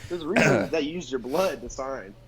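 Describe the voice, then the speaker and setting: A man's voice: mid-range voice, animated, normal speed, breathy edge, poor audio. A young man co-hosting a podcast, teasing the others with blunt asides. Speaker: podcast co-host. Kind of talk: casual chat.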